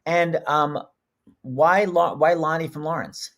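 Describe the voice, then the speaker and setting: A man hosting a casual live stream, joking and bantering excitedly with his guests. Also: fairly high pitch, slow pace. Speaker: host. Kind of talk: casual livestream chat.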